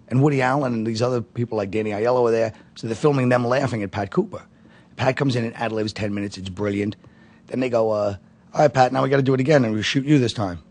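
A comedian from Brooklyn telling stories in a casual interview, rambling with many fillers. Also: male voice, medium pitch. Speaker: comedian guest.

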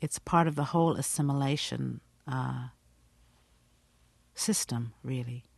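A middle-aged actress from Guyana with a British accent, speaking thoughtfully in a radio interview. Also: female voice, extremely low pitch, unhurried, gravelly, darkish tone, no room sound. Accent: British English.

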